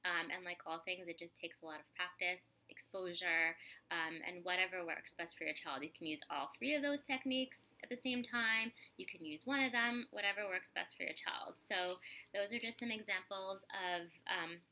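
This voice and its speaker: Bright-voiced woman explaining speech techniques. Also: lowish voice. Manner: relaxed, filler-heavy explaining with drawn-out syllable demos.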